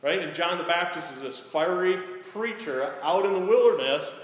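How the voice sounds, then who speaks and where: A man's voice: fairly high pitch, moderate pace. A man preaching a sermon, talking directly to the congregation and often checking in with "right?". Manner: frequent "right?" tag questions to the congregation. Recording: echoey hall, some background noise.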